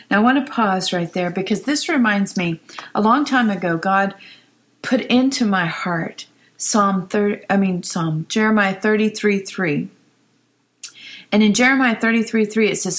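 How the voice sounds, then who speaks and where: A woman giving a devotional Bible teaching, reading psalm verses in a soft, reflective way and sometimes dropping to a whisper. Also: medium pitch, a little slow, poor audio. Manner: soft, reflective, drops to a whisper on key phrases.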